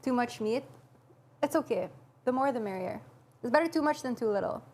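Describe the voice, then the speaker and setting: A woman's voice: on the high side, lively intonation, fairly quick, darkish tone. A woman streamer chatting casually and teasing her friend while cooking in a home kitchen.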